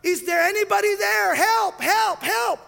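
A man voicing a panicked male hiker who hangs from a cliff and shouts desperately for help. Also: very high voice, measured pace, gravelly, long reverb tail, pitched above the performer's own voice, full character voice.

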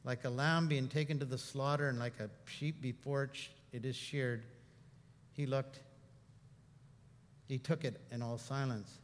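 A male pastor preaching a sermon, telling stories and moving between hushed reflection and animated telling. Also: medium pitch, unhurried, pauses often, long reverb tail.

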